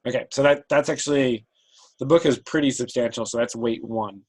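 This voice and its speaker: Relaxed man running a tabletop game. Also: mid-range voice, a little fast, rough recording. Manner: relaxed, explanatory, laughs often. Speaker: game master.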